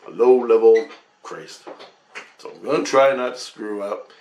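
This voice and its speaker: A man's voice: fairly low pitch, measured pace, a little mellow. A man telling a rambling story about his dreams, profane and agitated. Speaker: vlogger.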